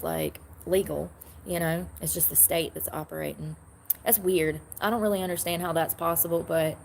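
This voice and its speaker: A woman's voice: low voice, vocal fry, darkish tone, slight background noise. A woman chatting casually to her livestream audience, rambling and answering comments, from the United States. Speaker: livestream host.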